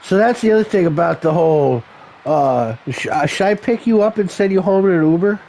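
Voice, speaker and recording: A man calls a wrestling show in loose, joking banter that wanders off topic. His voice sits high for a man and has a gravelly crackle. A faint hiss of noise runs underneath. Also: lively intonation, fairly quick, a little mellow. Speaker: wrestling commentator. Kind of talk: casual ringside commentary.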